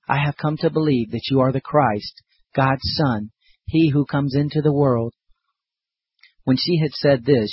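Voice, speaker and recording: A man reads scripture in a steady, measured way, his voice husky and a little breathy. The recording is dry and close, with a slightly dull, muffled top end. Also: medium pitch, dry recording. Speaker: scripture reader. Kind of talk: scripted Bible reading.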